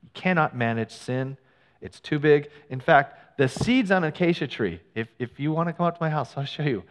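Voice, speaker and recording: A middle-aged male pastor telling a personal story in a sermon, animated and acting out what people said. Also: on the high side, normal speed. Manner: animated storyteller, acts out quoted lines. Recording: long hall reverb.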